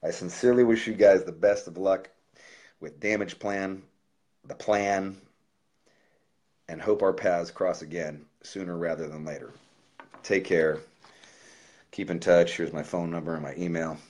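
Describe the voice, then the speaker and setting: Brief: man, very low voice, cursing musician on a casual livestream, reading a heartfelt letter. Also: steady tone, measured pace, pauses often, a little mellow. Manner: profane, loose and heartfelt.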